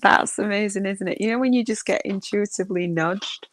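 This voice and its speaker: A woman's voice: mid-range voice, fairly quick. A middle-aged woman hosting a spiritual podcast, talking casually in a rambling, emotional way with many restarts. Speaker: podcast host.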